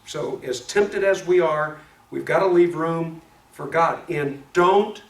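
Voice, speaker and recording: Gravelly man teaching in an echoey room. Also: on the high side. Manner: animated storytelling with frequent restarts and stammers. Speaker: Bible study teacher. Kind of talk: casual Bible study teaching. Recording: echoey room, mic at a distance, faint noise.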